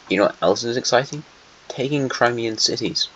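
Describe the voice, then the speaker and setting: A man's voice: mid-range voice, normal speed, a bit bright. A young man giving casual, playful commentary on a strategy game, chatting to and teasing the nations on the map. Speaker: channel host. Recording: muffled lo-fi home mic with faint noise.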